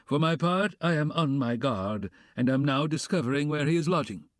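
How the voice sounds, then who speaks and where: A man reading the part of a stiff, self-important middle-aged gentleman who speaks formally and precisely. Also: a little high, animated, normal speed, no echo, studio quality, lightly acted. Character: stiff pompous middle-aged male suitor.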